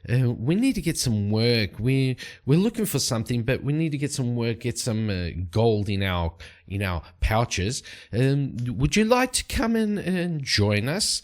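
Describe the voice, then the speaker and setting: A man's voice: medium pitch, big pitch swings, unhurried, few pauses. A man voicing an eager young woman adventurer who pleads and hurries her words.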